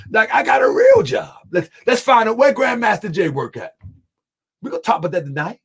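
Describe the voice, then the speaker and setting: A man hosting a livestream. He talks loudly and with animation, laughs often, and reads out and answers viewer comments. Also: high-pitched, wildly swooping pitch, a little fast, slightly rough. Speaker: channel host.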